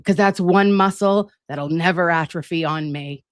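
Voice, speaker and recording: A woman's voice: on the low side, moderate pace, no room sound, clean studio sound. Playful, profane woman livestream host. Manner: chatty, profane, playful, calls viewers lovies and babes. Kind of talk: casual livestream chat. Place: home, at a laptop with air conditioning running. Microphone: laptop setup.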